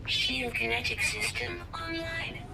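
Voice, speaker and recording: A performer voicing a game's suit computer, announcing systems coming online in a flat, steady manner over faint game music. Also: medium pitch, slow, gravelly, slight background noise, heavily acted. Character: suit computer voice, female, calm.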